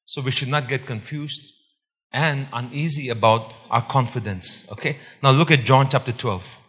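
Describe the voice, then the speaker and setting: A man preaches with a husky, mid-pitched voice, driving points home by repeating them and throwing questions at his congregation. His words ring out with the long reverb of a large hall. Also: moderate pace, fairly bright tone. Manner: emphatic, repeats key points, quizzes the congregation. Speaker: pastor. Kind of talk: sermon.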